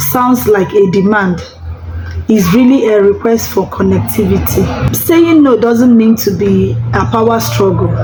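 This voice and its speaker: A woman with a somewhat high voice gives parenting advice straight to the camera. She talks in a chatty, encouraging way and often repeats words to drive a point home. A faint hiss sits behind her voice. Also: darkish tone, low-quality recording. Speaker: parenting vlogger. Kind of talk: advice vlog, talking to camera.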